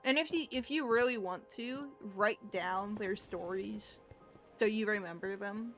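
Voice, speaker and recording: Young woman streamer rambling candidly, mid pitch, quiet music behind. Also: a little slow. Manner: candid, rambling, frequent restarts. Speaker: livestreamer. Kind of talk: casual chat.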